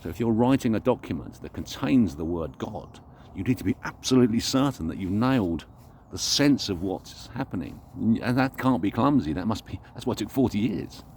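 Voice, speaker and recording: A man's voice: fairly low pitch, lively intonation, fairly quick, a little mellow, slight background noise. A man vlogging an unscripted, reflective monologue, talking earnestly and searching for his words as he goes.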